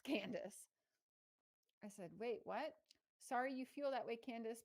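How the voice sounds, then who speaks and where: A woman's voice: a little high, poor audio. A woman giving casual commentary, reading text messages aloud and talking indignantly with some swearing. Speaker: true crime commentator.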